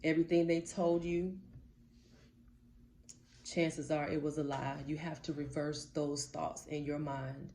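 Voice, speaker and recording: A woman's voice: low-pitched, level tone, unhurried, pauses often, mellow, a little hiss or hum. Blunt, emphatic woman life coach. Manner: emphatic, blunt, repeats her points for stress; casual, slangy, addresses viewers directly. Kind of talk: motivational talk to camera.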